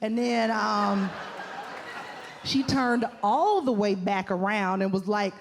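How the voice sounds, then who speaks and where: Animated woman doing stand-up. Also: mid-range voice, takes it slowly, noisy background. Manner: animated storytelling with acted-out quotes. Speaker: stand-up comedian. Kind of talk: stand-up comedy set. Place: comedy club stage. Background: audience laughter.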